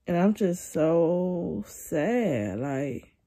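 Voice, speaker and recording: A young woman talks into her phone from bed at home, worn out and venting. Her voice sits a little low and she takes her time, with long, tired pauses. She sounds slightly congested. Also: lively intonation. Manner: weary, venting, soft and drawn out. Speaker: vlogger. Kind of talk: casual confessional vlog.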